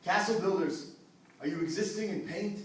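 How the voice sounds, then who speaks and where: A man performing a spoken word poem at an open mic, swinging between hushed lines and intense delivery. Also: high-pitched, normal speed. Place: event hall at an open mic. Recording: echoey hall, distant mic, faint noise.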